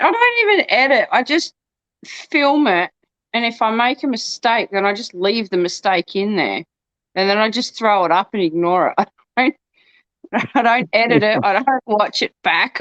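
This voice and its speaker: A woman's voice: mid-range voice, animated, moderate pace, fairly bright tone, muffled recording. A woman hosting her channel, chatting casually and rambling in a self-deprecating way. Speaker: channel host. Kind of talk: casual chat.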